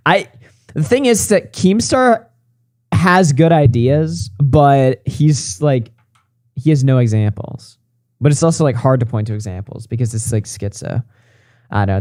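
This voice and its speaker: A man's voice: medium pitch, darkish tone, dry recording. A male livestream host, tired and close to a morning voice, signing off in rambling, profane casual chat.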